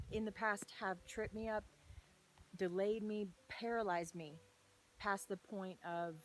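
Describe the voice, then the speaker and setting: A young woman talking earnestly outdoors on a hilltop in the rain, sharing a devotional message in a rambling, filler-heavy way and often dropping into excited whispers. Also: fairly low pitch, a little hiss or hum, low-quality recording. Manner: breaks into excited whispers and laughter. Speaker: faith vlogger. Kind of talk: casual devotional talk.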